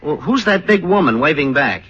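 A man's voice: fairly high pitch, very animated, normal speed, fairly bright tone, dull audio. An actor in a 1940s radio comedy playing a bumbling, boastful young suitor who wisecracks and chuckles at his own jokes. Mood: chuckling. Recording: hissy old radio broadcast recording.

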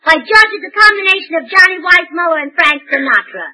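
A woman's voice: very high voice, lively intonation, fast, sharp tone, poor audio. A woman giggling through scatterbrained lines in 1940s radio comedy acting.

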